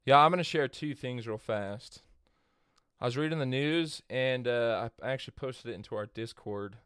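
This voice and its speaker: A man's voice: medium pitch, moderate pace, fairly bright tone, smooth, no room sound, clean studio sound. A man hosting a podcast in casual chat, congested from a head cold, talking loosely with fillers and restarts. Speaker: podcast host.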